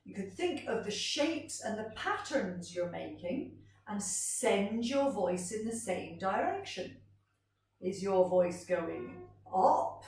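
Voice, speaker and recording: A woman music teacher leading a gentle, encouraging vocal warm-up lesson for children, in a sing-song way. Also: medium pitch, lively intonation, slow, far from the mic, slight background noise. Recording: roomy sound from off-mic.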